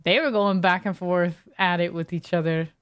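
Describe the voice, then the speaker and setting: A woman's voice: on the low side, fairly even intonation, moderate pace, smooth, dry recording. A young woman streaming a video game, chatting casually with her viewers and telling a long, rambling story full of fillers and restarts. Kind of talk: casual chat while gaming.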